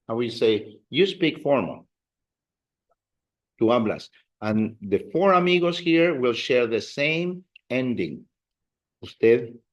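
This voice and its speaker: Guy teaching in a classroom, slow and patient, mid voice. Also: mid-range voice. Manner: slow, patient, drills students with call-and-response. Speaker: Spanish teacher. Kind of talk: classroom lesson.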